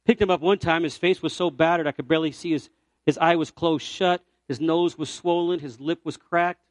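A man from Puerto Rico preaches with a high, lifted voice, telling a story from the pulpit. He moves from loud, ringing cries to soft, hushed lines. The sound is close and dry, with no room around it. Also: brisk, no echo. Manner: animated storyteller, swings from loud cries to near-whispers. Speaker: evangelist preacher. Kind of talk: storytelling sermon.

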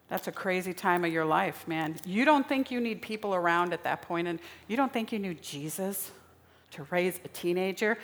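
A woman preaching a sermon in a dramatic style, repeating phrases for emphasis. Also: lowish voice. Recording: long reverb of a large hall.

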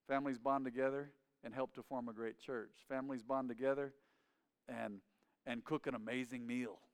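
A man's voice: mid-range voice, steady tone, moderate pace. A man preaching a sermon as a pastor, with emphatic, repetitive phrasing. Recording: long hall reverb.

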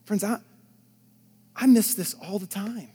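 A male pastor preaching a sermon, swinging from loud emphatic lines to hushed near-whispers, with chatty asides to the congregation. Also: high-pitched, a little slow, slightly rough.

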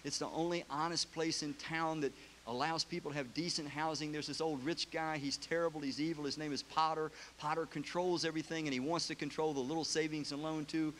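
A preacher giving a sermon, retelling a film story in an emotional, casual way. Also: male voice, a little high, fairly even intonation, a little fast, a bit bright, slight background noise.

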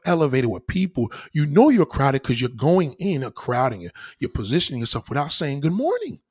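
A man's voice: mid-range voice, very animated, fairly quick, few pauses, breathy edge. A man with a New York accent delivering a heated, profane, preachy rant.

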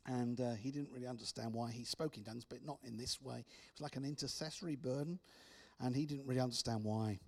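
Male preacher, storytelling testimony, drops to hushed tones. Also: mid-range voice, fast. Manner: storytelling with repeated restarts, soft dramatic drops. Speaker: speaker.

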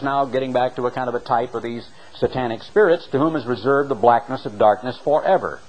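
A man preaching a sermon, reading scripture and explaining it with an emphatic, dramatic delivery that slows down for the readings. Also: poor audio. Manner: emphatic, dramatic delivery with sharp swings in pitch and loudness; slows down to read scripture aloud.

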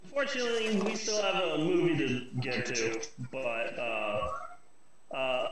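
A man's voice: mid-range voice, measured pace, very echoey, far from the mic, a loud crowd. A man hosting a podcast in casual chat, sarcastic and mocking. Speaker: podcast host.

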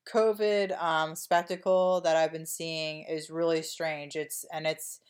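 Podcast co-host, female, deep register, dry and meandering. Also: level tone, a little slow, clean tone. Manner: rambling, wry, lots of fillers. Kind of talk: casual chat.

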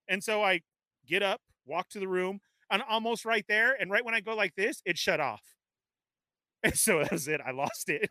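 An energetic male host greets his live chat with rambling, upbeat shout-outs. His voice is bright and forceful, a touch high, recorded dry and close at a home webcam setup. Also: normal speed, no room sound. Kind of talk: live-stream casual chat.

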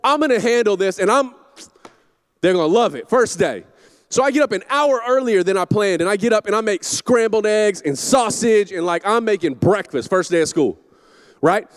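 A middle-aged man, a campus pastor, preaching a sermon in a church, telling stories with shouted asides. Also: high voice, moderate pace, dry recording. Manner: animated storytelling with shouted asides. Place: church auditorium.

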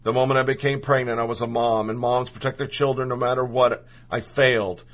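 A man's voice: medium pitch, fairly even intonation, brisk, fairly bright tone. A man reading a personal story aloud in the first person, earnest and emotional.

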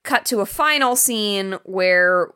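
A woman's voice: medium pitch, animated, slow pace, pushed and bright, clear, resonant tone. A woman co-hosting a podcast, casually discussing a movie with wry, sarcastic asides. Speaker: podcast co-host.

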